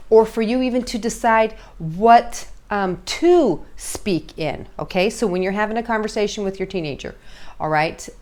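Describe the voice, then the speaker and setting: Middle-aged woman, parenting coach, chatty, keeps checking in with listeners. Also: mid-range voice. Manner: conversational, checks in constantly with "okay?" and "all right?". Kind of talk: casual coaching talk.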